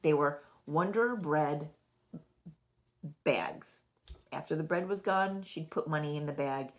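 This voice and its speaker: Taking things slowly in a low voice, a middle-aged oracle card reader works through a relaxed spiritual reading. She rambles and thinks out loud, frequently breaking into laughter.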